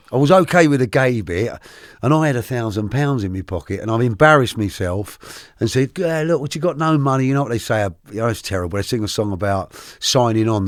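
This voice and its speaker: A middle-aged man, a podcast guest telling his life story candidly, animated and often restarting his sentences. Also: fairly low pitch, no room sound. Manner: animated, halting with many restarts.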